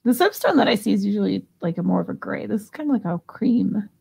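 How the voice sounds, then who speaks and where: A woman's voice: mid-range voice, expressive, quick pace, creaky, dark tone, slightly rough. A woman hosting a live online auction, chatting casually and giggling as she reads out bids. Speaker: live sale host.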